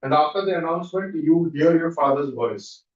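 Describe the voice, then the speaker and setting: A man leading a guided visualization exercise as a trainer, coaching with quick repeated questions. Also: a little high. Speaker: NLP trainer. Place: training room. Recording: dull echoey room audio from far off.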